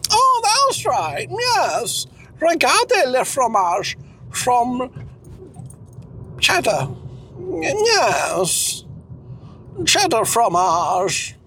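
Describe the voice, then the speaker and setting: A man voicing a doddering elderly husband with a high, warbling voice and shouty outbursts. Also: huge pitch swings, very slow, pauses often, a little hiss or hum, full character voice. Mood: flustered. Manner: high warbling, shouty bursts, mangled French.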